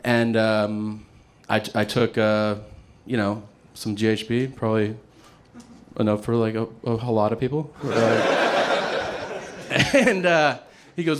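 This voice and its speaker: A man doing stand-up, telling a story in a lively, profane way and laughing as he goes. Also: on the low side, slow, long pauses. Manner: animated, profane, laughing through his story. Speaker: stand-up comedian.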